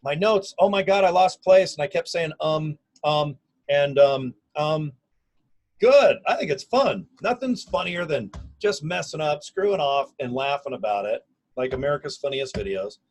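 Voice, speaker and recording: A man's voice: a little high, normal speed, poor audio. Upbeat slangy man in his fifties. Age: 50s. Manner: energetic, folksy, slangy and emphatic. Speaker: online business recruiter. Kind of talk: casual self-recorded video pitch. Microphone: camera or phone mic.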